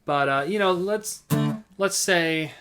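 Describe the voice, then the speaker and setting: A man teaching accompaniment rhythms in a casual, halting way, often singing rhythm patterns in nonsense syllables. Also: sits high, music in the background. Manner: relaxed, halting, vocalizes rhythms with scat syllables. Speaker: music teacher. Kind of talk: casual instructional talk.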